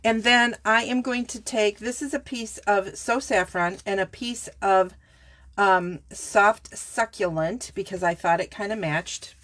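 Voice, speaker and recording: A woman's voice: medium pitch, a little slow, a bit bright. A woman giving a casual card-making tutorial, chatty and self-correcting, talking straight to her viewers as she works. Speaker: papercraft demonstrator.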